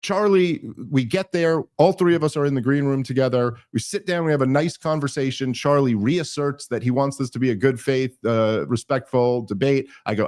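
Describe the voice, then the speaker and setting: A man hosting a podcast, telling a story in casual chat, animated and full of restarts and mocking asides. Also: mid-range voice, normal speed, hardly any pauses. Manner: animated, mocking quoted voices, many restarts. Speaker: podcast host.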